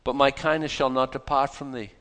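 A man preaching a sermon, reading scripture aloud and explaining it in a lively, conversational, folksy way. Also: medium pitch, fairly quick, clear, resonant tone. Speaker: pastor.

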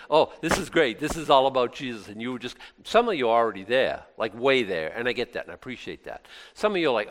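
Brief: conversational male preacher, lively pitch, mid-range voice, reverberant hall. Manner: animated, conversational, with exclamations and restarts. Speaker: pastor. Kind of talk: sermon.

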